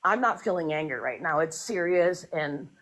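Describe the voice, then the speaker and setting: A woman's voice: deep voice, lively intonation, normal speed, fairly bright tone, rough recording. A woman in a casual live group chat, talking in a flustered, apologetic way with many restarts. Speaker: live stream guest.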